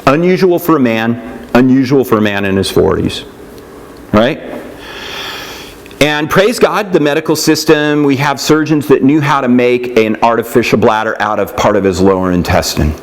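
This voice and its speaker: A man's voice: medium pitch, moderate pace. A man teaching a nutrition class in a casual, conversational way, often checking in with "right?" and "yeah?" and acting out what other people say. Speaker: nutrition instructor.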